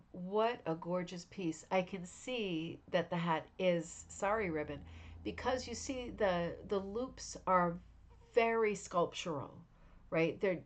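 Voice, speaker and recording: A tired woman hosting a casual craft club livestream from home, praising viewers' work with effusive warmth and many fillers. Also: on the low side. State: tired, yawning. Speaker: host of a rug hooking club show.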